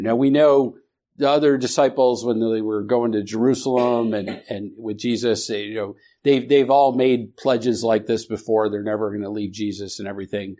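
A man teaching a Bible study class, speaking haltingly with many restarts and questions to the students. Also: lowish voice, steady tone, warm tone.

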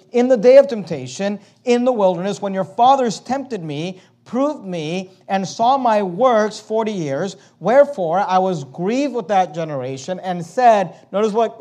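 A male pastor preaching an expository sermon, slowing down and stressing the scripture he quotes. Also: high-pitched, darkish tone.

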